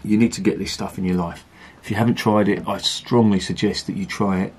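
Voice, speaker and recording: A man's voice: deep voice, steady tone, fairly quick, a little mellow, a little hiss or hum. A middle-aged man, reviewing beer in a chatty, ranting monologue and swearing casually. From Britain.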